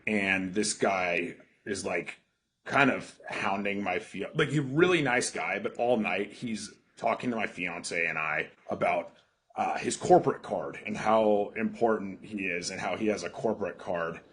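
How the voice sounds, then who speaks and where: A man hosting a podcast interview, hesitant, repeating and restarting words as he asks questions and pitches ideas. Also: measured pace, a bit bright, slightly rough. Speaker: podcast host.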